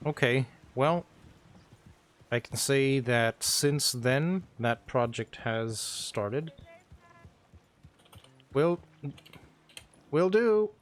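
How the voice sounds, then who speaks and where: A man streaming a role-play game, casually recapping events for his viewers in an unhurried way with frequent ums. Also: mid-range voice.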